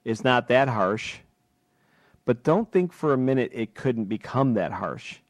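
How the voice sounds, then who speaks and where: A man's voice: medium pitch, lively intonation, a little slow, dry recording. A man hosting a talk radio show, delivering an impassioned political monologue full of rhetorical questions from a studio microphone.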